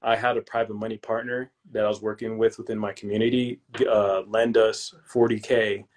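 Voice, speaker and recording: A young man with a fairly low voice talks through his deals in a loose, slangy way and keeps calling the hosts "bro." He tells his stories with energy and acts out what he said at the time. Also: fairly quick. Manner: lively storyteller who acts out his own past lines. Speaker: podcast guest, real estate investor. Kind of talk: casual interview chat.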